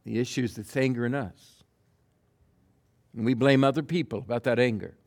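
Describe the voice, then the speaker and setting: A man preaching a sermon, acting out quotes with big swings from loud bursts to hushed lines. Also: medium pitch, moderate pace. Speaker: pastor.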